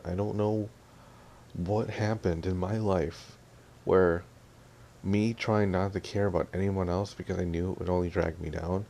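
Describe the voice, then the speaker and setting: Gravelly low-voiced man ranting. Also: darkish tone, a little hiss or hum. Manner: annoyed, ranting, mimics family in quotes. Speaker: vlogger. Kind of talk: audio vlog rant.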